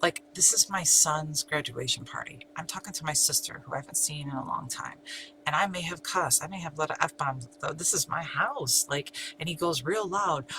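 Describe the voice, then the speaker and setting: A woman's voice: deep voice, normal speed, poor audio. A middle-aged woman telling her own story in an emphatic, repetitive way, sometimes dropping to a whisper. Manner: emphatic, repeats herself, sometimes drops to a whisper. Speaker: channel host, abuse survivor. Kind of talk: personal storytelling. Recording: steady hum in background.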